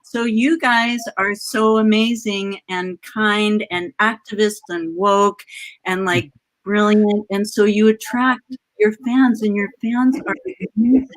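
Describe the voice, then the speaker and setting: A woman's voice: medium pitch, steady tone, slow pace. A woman who writes letters for the show and also acts, chatting over a video call in a gushing, emotional, rambling way. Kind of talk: casual chat on a video call.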